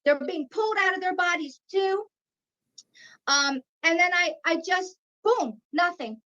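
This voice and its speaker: A woman in her fifties telling a personal story in an animated way, acting out what people said. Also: very high-pitched, unhurried. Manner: animated, acts out quoted voices. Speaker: guest. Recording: dull lo-fi sound.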